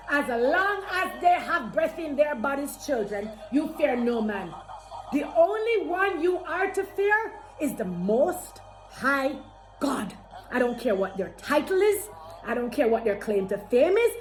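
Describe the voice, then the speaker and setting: A woman preacher delivering an emphatic sermon, repeating phrases and calling her listeners children. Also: a little high. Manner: emphatic, repetitive exhortation addressing listeners as children. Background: background music.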